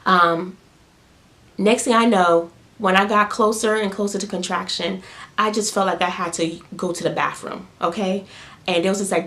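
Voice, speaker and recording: A woman's voice: mid-range voice, steady tone, normal speed, a bit bright. A young woman and new mother telling a personal story to camera in a casual, emotional way, close to tears, repeating herself often. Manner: emotional, repeats words, many fillers.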